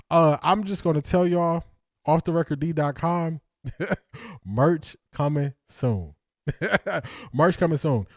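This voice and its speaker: A man hosts a casual live stream, reading comments aloud, laughing often, and repeating catchphrases in slangy talk. His voice is on the high side and a little mellow, recorded cleanly in a studio with no room sound.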